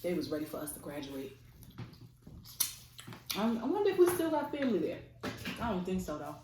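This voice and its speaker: A woman's voice: fairly low pitch, huge pitch swings, brisk. A woman in her thirties casually telling a story, acting out quotes and laughing often. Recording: echoey room with faint noise.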